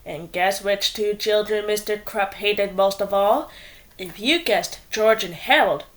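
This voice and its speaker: A woman reading a children's book aloud in a playful, expressive way. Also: mid-range voice, measured pace. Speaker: storyteller.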